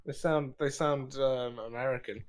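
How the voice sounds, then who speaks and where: A man's voice: mid-range voice, steady tone, moderate pace. A man co-hosting a casual album review podcast, teasing his friends. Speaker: podcast co-host. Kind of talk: casual banter.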